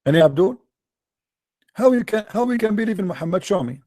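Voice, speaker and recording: Live-stream debate host, male, taunting and emphatic, slightly high voice, dark tone. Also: lively intonation, fairly quick, no room sound.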